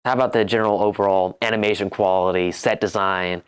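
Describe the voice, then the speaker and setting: A man's voice: low voice, steady tone, quick pace, clear, resonant tone. A young man guiding a casual chat with conversational questions.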